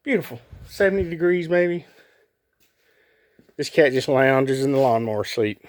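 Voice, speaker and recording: A man's voice: mid-range voice, lively intonation, normal speed, dry recording. Folksy rambling man showing his backyard. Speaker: homeowner showing his projects. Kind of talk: casual rambling vlog narration.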